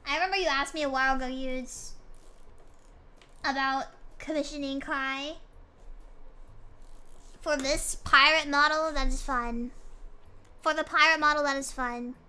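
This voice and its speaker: Bright, high-voiced woman streamer chatting. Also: steady tone, measured pace, pauses often. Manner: playful, mock-dramatic complaining. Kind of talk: casual chat with stream chat.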